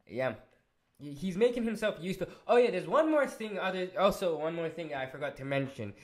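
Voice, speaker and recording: A man recapping a show episode in a casual review, excitable and swearing, with many restarts and fillers. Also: high voice, a little fast. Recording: roomy echo.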